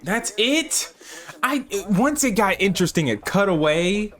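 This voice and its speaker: A man's voice: sits high, very animated, unhurried, fairly bright tone. A man giving a sarcastic, exasperated comedic recap of a horror film, often laughing at it. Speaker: film reviewer. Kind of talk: comedic movie recap commentary.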